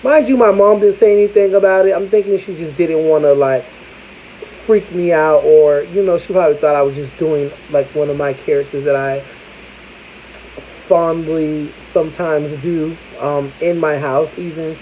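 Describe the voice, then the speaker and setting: Brief: candid storytelling vlogger, middle pitch, mellow, swears casually. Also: steady tone, moderate pace, slight background noise, poor audio. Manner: candid, chatty, profane.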